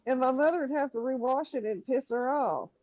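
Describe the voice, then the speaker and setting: A woman's voice: sits high, brisk, dull audio, crowd noise. Frank woman, cursing. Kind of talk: casual live-stream chat.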